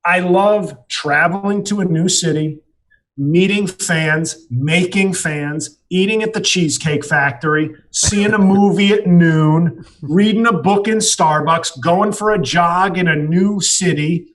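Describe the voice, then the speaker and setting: A man's voice: sits high, a little slow, a bit bright. A man guesting on a podcast as a comedian, telling rambling, profane, self-mocking stories in casual chat.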